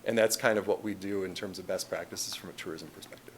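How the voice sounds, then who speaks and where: A man's voice: low-pitched, fast talker, a little hiss or hum. A man with a Chicago accent presenting a tourism marketing plan to a city council, casual and conversational with frequent fillers and restarts. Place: council meeting chamber.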